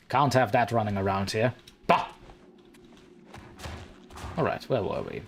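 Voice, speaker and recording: A man's voice: medium pitch, unhurried, long pauses, a little hiss or hum. A man streaming a game live, chatting playfully and theatrically with his viewers and the characters on screen. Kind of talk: live let's-play commentary.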